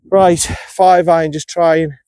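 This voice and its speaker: Taking it slowly, a man with a voice on the high side, mellow and clean-toned, barely moves his pitch. He's from North East England and vlogging his round outside as on-course golf commentary, talking himself through shots with frustrated self-criticism at his own play.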